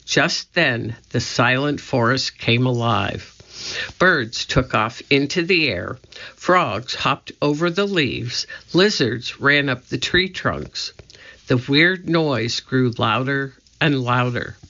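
Slow, bright-toned male storybook reader. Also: mid-range voice, creaky. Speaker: narrator. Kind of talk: children's storybook read aloud. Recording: dull lo-fi recording.

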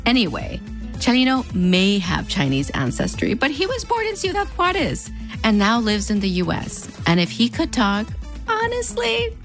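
A woman's voice: mid-range voice, wildly swooping pitch, normal speed, soft background music. A woman with a fronterizo border accent, narrating a scripted video essay in a wry, conversational way with playful sarcastic asides. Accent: fronterizo Mexican border Spanish-influenced English.

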